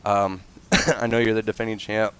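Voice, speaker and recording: A man's voice: lowish voice, level tone, moderate pace, clear, resonant tone. A man with a slightly nasal, congested voice from a cold, hosting a livestream and making casual announcements with lots of fillers and self-corrections. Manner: rambling, chatty, frequent fillers and self-corrections. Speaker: league host and event coordinator.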